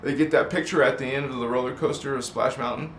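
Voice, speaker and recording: A man's voice: medium pitch, fairly even intonation, fast, a bit bright, a little hiss or hum. A middle-aged man hosting a live stream, reading viewer comments aloud and drifting into tangents with frequent laughs. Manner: rambling, goes off on tangents, laughs often. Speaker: channel host. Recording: roomy echo.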